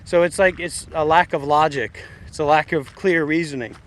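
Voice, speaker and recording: A man's voice: on the high side, steady tone, moderate pace. A man hosting a meditation livestream, talking bluntly and rambling in a confrontational way as he answers his critics. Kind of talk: casual livestream rant.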